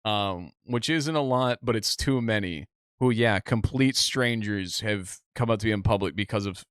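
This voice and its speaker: A young man co-hosting a casual podcast, telling animated stories and acting out what other people said. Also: lowish voice, normal speed, clean tone, no echo, clean studio sound. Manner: animated storytelling, acts out other people's lines. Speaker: podcast co-host. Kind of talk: casual chat.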